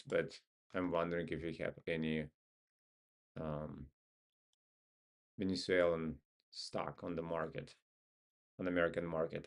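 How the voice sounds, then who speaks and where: Man with a Russian accent, deep gravelly voice, unhurried, offhand trading commentary. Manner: laid-back, muttering to himself, joking. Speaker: stock market streamer.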